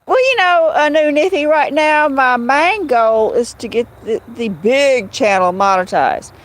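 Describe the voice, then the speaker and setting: Lively Southern woman chatting on a livestream. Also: high voice, measured pace. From Southern United States. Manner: rambling, greets viewers by name, laughs often. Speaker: livestream host. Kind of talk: casual livestream chat.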